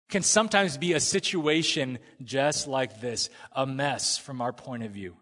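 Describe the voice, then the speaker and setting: A man preaching a sermon in a conversational, animated way, sometimes acting out the people in the story. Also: mid-range voice, measured pace, few pauses. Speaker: pastor. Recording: long hall reverb.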